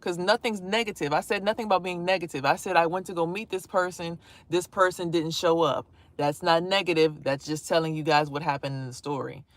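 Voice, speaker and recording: A woman vlogger telling a personal story in a casual, animated way, swearing freely and acting out what people said. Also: fairly low pitch, brisk, few pauses, dry recording. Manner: animated, profane, acts out quotes.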